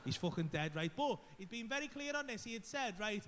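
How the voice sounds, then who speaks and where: A man telling a story as a stand-up comedian, animated and profane, acting out the voices and screams. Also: sits high, fairly quick, slight background noise.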